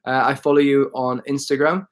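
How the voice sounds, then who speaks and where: A man's voice: mid-range voice, flat delivery, a little fast. Chatty man on a live stream. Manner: chatty, self-correcting, reads out viewer comments. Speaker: cycle touring vlogger. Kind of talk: casual live stream chat. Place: outdoors, showing his bike.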